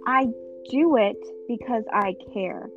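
A woman's voice: a little high, slow pace. A teenage girl co-hosting a casual chat, talking earnestly and rambling with many restarts. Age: teens. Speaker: co-host. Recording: tinny phone-like sound, background music.

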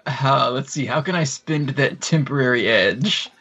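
Hesitant, slow-talking man, player. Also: medium pitch, bright, forceful tone, breathy edge, soft background music. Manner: hesitant, laughs often, many fillers. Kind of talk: playing a tabletop game. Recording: dull lo-fi recording.

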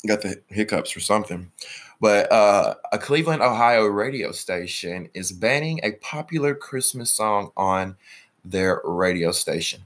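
A man's voice: on the low side, expressive, unhurried, a bit bright. A young man from Alabama hosting a podcast in casual chat, opinionated, swearing and trailing off mid-sentence. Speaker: podcast host.

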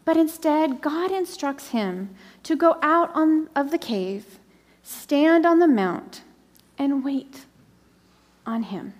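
A middle-aged woman preaching a sermon, slowing down and dropping to a soft whisper for emphasis. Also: high voice, lively intonation, in a large hall.

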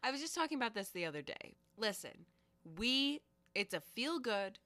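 A woman's voice: a little high, big pitch swings, normal speed, sharp tone, dry recording. A woman co-hosting a rom-com podcast, chatting in a wry, emphatic way and swearing casually. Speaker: podcast co-host. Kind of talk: casual comedic chat.

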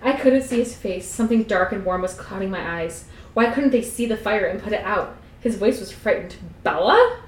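A woman's voice: medium pitch, fairly quick, roomy sound, slight background noise, low-quality recording. A young adult woman co-hosting a podcast, who reads a novel aloud and breaks off for giggly, irreverent comments. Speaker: podcast co-host.

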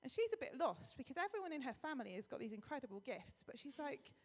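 A woman's voice: sits high, big pitch swings, fast talker, husky. A woman pastor giving a chatty, personal welcome and address to her church congregation, with a few fillers. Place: church hall. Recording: long reverb of a church hall.

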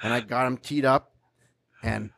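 A Canadian man from Winnipeg, in his thirties, telling a profane, animated story as a podcast guest. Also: medium pitch, moderate pace, gravelly, no echo. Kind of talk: casual storytelling.

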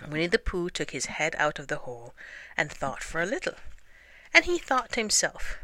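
A woman narrating a children's storybook aloud, gentle and expressive. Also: low-pitched, normal speed. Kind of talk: storybook reading.

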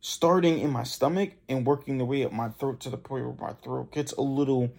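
A man's voice: mid-range voice, brisk, vocal fry, a little mellow. A young man hosting a podcast, giving casual voice tips in a loose, conversational way and demonstrating the exercises himself. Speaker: podcast host. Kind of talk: casual instructional talk.

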